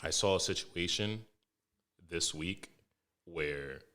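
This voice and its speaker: A young man hosting a podcast, telling stories in a loose, animated way, swearing heavily and restarting his sentences. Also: low voice, takes it slowly. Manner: animated storytelling, heavy swearing, frequent restarts. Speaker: podcast host. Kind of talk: casual podcast monologue.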